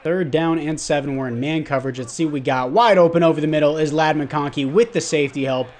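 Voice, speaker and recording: Young male gaming creator, slightly high voice, casual play-by-play, self-blaming, prone to frustrated shouts. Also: quick pace. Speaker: gaming YouTuber. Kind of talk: casual gameplay commentary.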